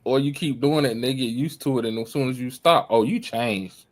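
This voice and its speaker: A person in casual podcast chat, telling stories in a lively way and acting out quotes. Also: mid-range voice, fast talker, crowd noise. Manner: lively storyteller, acts out quotes.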